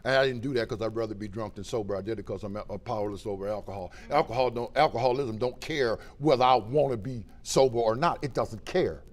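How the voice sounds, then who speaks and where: A middle-aged man from Ohio, giving a plain-spoken personal testimony at a recovery meeting, swinging between loud and quiet. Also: lowish voice, quick pace, hardly any pauses. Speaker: recovery speaker.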